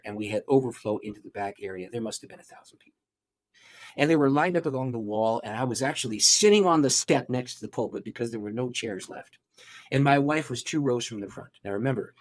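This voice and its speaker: A middle-aged pastor with a medium-pitched voice tells a long story during an interview, animated and often restarting his sentences.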